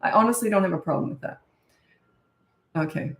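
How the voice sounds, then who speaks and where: Speaking fairly quickly at a medium pitch, a middle-aged woman who coaches parents fields viewer questions during a live Q&A. She's chatty, blunt, and frank, restarting often, and the distant, off-mic recording picks up an echoey room.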